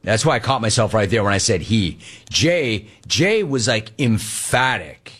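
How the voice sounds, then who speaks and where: A man hosting a sports talk show in a casual way, reading out listener messages and telling lively stories. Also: lowish voice, measured pace, husky. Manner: animated, storytelling, mimics quoted people.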